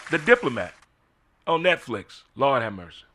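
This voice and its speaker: A man's voice: medium pitch, wildly swooping pitch, moderate pace, crowd noise, background noise. A middle-aged man hosting a casual solo commentary, full of incredulous rhetorical questions. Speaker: host.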